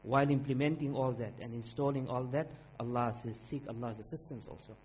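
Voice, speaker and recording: A man preaching a sermon in an earnest, emphatic way, repeating key phrases and reciting Arabic verses quickly. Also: medium pitch, darkish tone, slightly rough. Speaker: Islamic preacher. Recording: dull lo-fi recording with faint hum.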